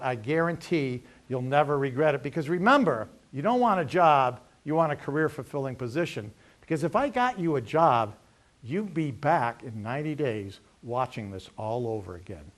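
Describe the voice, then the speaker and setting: A middle-aged man giving an energetic career workshop talk, acting out dialogues and punchy sayings. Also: on the high side. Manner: energetic, lively, acts out dialogues. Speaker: veterans' employment representative.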